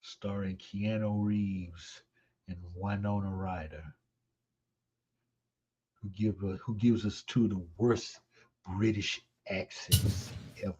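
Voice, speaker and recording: A man's voice: lowish voice, fairly even intonation, slow pace, long pauses, darkish tone, breathy edge. A man co-hosting a radio show, laid-back and wry, laughing easily in casual on-air chat. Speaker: radio co-host.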